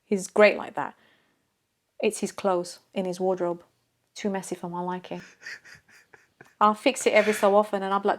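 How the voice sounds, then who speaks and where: A woman's voice: medium pitch, level tone. Chatty woman. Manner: chatty, self-deprecating, quick laughs. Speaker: interview guest. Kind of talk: casual conversation.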